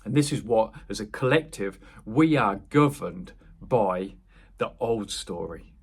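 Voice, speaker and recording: A man's voice: lowish voice, lively intonation, unhurried, creaky, breathy edge. A young man, a wellness coach, speaking earnestly in a meandering spiritual monologue that often restarts and corrects itself. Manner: earnest, meandering, self-correcting, laughs at himself.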